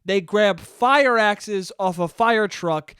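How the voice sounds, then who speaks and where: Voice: medium pitch, takes it slowly, a bit bright, smooth, no echo. A podcast host in a casual comedic monologue, rambling, swearing freely and laughing at their own jokes on a close mic.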